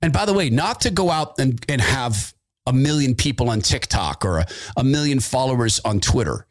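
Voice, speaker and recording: A middle-aged man hosting an opinionated political talk monologue, sarcastic and animated, with asides and mock voices. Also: mid-range voice, normal speed. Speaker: political commentary host.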